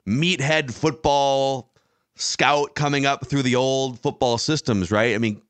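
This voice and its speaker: A man's voice: mid-range voice, normal speed, a bit bright, smooth, no room sound. A man co-hosting a sports podcast, making emphatic points in long run-on stretches. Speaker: podcast co-host. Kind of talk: casual sports chat.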